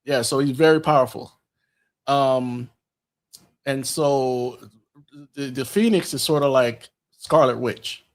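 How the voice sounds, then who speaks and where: A man's voice: mid-range voice, slow, long pauses. A man hosting a podcast, talking casually through a film's plot and reading out its dialogue in his own voice, with many fillers. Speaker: podcast host. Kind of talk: casual film commentary, reading out scenes.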